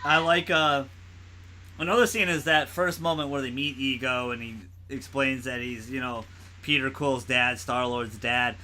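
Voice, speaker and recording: A man's voice: medium pitch, steady tone, moderate pace, pushed and bright, a little hiss or hum. A man co-hosting a podcast, rambling through a casual movie chat with lots of laughing and swearing. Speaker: podcast co-host.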